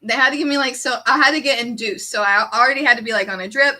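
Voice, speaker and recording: Woman streamer, casual animated chat, bright tone, slightly high voice. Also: fast talker. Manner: chatty, heavy use of "like"; animated storyteller.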